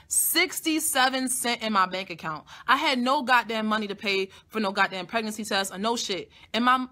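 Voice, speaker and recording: A young woman vlogger telling a personal story to her audience in a blunt, profane, animated way. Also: on the high side, normal speed. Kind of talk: casual storytelling to camera.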